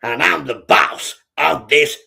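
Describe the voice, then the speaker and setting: A man's voice: a little high, vocal fry, pushed and bright, exaggerated voice. A man doing a bragging bully frog. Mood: boastful. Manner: slow, puffed-up bragging. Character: boastful bullying male frog.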